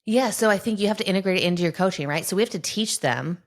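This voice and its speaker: A woman in her thirties, a sport psychologist guest in a casual interview, talking in an animated way and acting out how she speaks to her kids. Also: medium pitch, very fast. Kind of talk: conversational podcast interview.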